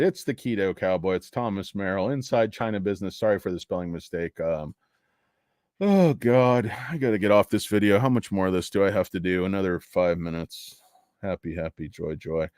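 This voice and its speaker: A man's voice: fairly low pitch, a little mellow, clean tone, dry recording, studio quality. A man hosting a casual stock livestream, rambling and joking sarcastically as he talks to his chat from his office. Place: home office.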